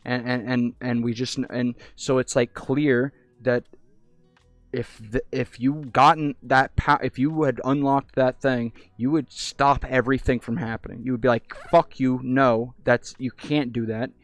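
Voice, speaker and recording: A man's voice: medium pitch, flat delivery, a little slow, dry recording. A young man in casual chat in a VR hangout, rambling and swearing freely, stumbling over restarts as he talks into a headset mic. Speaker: VR streamer. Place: virtual reality hangout.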